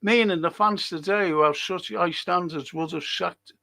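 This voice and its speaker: This live-stream rant comes from a fan show host who reads his chat and argues back, heated and loaded with swearing. He has a high-pitched, sharp-toned voice with vocal fry, delivered at a moderate pace.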